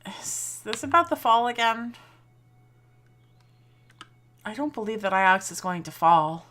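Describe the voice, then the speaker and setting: An actress playing a curious, skeptical young archaeologist in video game dialogue, talking in a direct, questioning way. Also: female voice, medium pitch, animated, moderate pace, fairly bright tone, natural voice.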